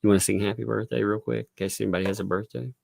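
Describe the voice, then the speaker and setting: A man's voice: fairly low pitch, fairly even intonation, rapid-fire, vocal fry, a little mellow, no echo, studio quality. A man hosting a casual livestream, chatting loosely and laughing often between phrases. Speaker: livestream host. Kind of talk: casual live commentary. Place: home.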